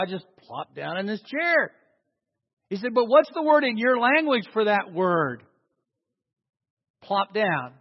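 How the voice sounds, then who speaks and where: High-voiced pastor preaching in a hall. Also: male voice. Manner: dramatic swings from loud acted quotes to hushed emphasis. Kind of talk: sermon storytelling. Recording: dull sound with long hall reverb.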